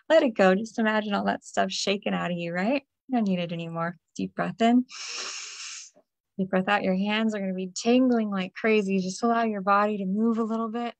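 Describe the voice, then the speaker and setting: Soft-spoken woman guiding an energy release. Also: medium pitch, normal speed, gravelly, no echo. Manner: soft, invoking, repetitive. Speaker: energy healer. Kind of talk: guided energy release meditation.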